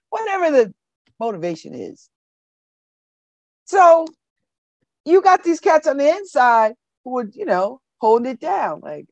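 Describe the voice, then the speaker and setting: A woman's voice: medium pitch, darkish tone, no echo, dull audio. A woman hosting a community radio show, giving casual, slangy commentary that repeats phrases for emphasis and breaks into laughter.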